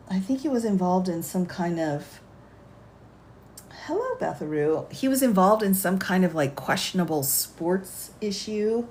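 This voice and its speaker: A woman's voice: mid-range voice, darkish tone, slight background noise. A woman attorney explaining law on a phone livestream in a chatty way. She laughs often and reads legal text aloud.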